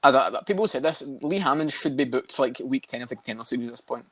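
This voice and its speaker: Brief: very fast-talking male co-host, blunt and sweary, dry close recording. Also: mid-range voice, expressive, a bit bright, no room sound. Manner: rapid, swears a lot, blunt. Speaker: podcast co-host. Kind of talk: casual chat about fights.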